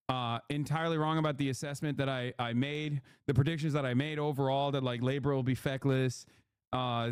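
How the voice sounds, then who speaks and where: A man's voice: medium pitch, clear, resonant tone, no echo, studio quality. A man hosting a stream with casual political commentary, brash and profane, cracking jokes as he talks. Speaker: streamer host.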